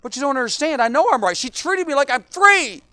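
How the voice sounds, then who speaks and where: A male pastor delivers an evening sermon in a high, very animated voice that leaps up and down. He acts out the lines of the people he quotes in short voices. The recording is close and dry. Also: fairly quick, dry recording.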